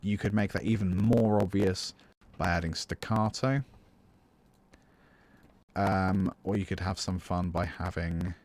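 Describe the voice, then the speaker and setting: During a live-streamed composition lesson, a music teacher from the United Kingdom works through the piece while chatting, thinking out loud, and answering viewers between steps. His low-pitched, slightly mellow voice has fairly even intonation and a measured pace.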